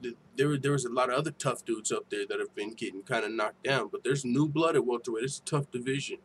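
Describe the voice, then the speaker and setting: A man hosting a casual livestream, reading viewer comments aloud with profane, laughing, animated banter. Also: mid-range voice, quick pace, a little hiss or hum. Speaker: MMA show host.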